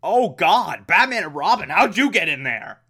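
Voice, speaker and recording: Man playing a calm crusher operator, matter-of-fact, nonchalant, slightly high. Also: normal speed, slightly rough, exaggerated voice.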